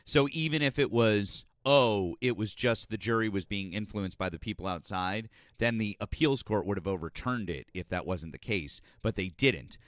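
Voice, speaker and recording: A low-pitched man hosts a call-in politics stream, needling callers and cutting them off to argue. His voice sits close and dry, with no room around it. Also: moderate pace, few pauses, dry recording. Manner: combative, mocking, interrupts callers. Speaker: host.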